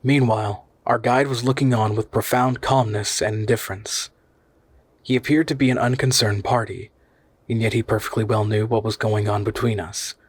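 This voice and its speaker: A man reading a classic novel aloud in steady, measured narration. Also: lowish voice, husky, no room sound. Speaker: audiobook reader.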